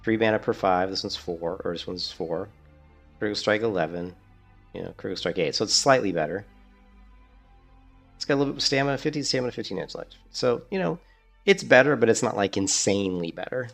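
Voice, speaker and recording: A gaming streamer with a lowish, gravelly, fairly bright voice rambles animatedly and fairly quickly through casual gameplay commentary. He's chatty and keeps restarting his sentences, with soft music playing behind him.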